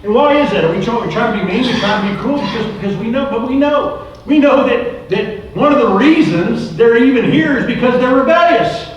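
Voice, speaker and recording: Middle-aged guy preaching, keeps repeating himself, high voice, big echo, faint hiss. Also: animated, a little fast, few pauses, lo-fi sound. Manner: preacherly, rhetorical questions and repetition. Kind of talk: recovery ministry sermon. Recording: very echoey room, distant mic.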